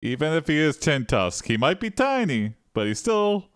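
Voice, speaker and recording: A man hosting a live stream of an interactive AI story, casual and crude, reading out his input slowly as he types. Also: fairly high pitch, very animated, a bit bright, smooth, dry recording, clean studio sound. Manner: drawn-out typing dictation, crude jokes.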